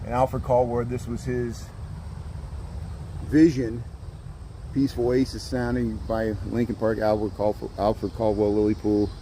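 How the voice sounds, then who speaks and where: A man's voice: mid-range voice, level tone, unhurried, warm tone, a little hiss or hum. A man casually livestreaming a walking tour of a city park, rambling, chatty and greeting viewers as he walks with his phone outdoors. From Chicago area. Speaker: vlogger livestreaming a walk.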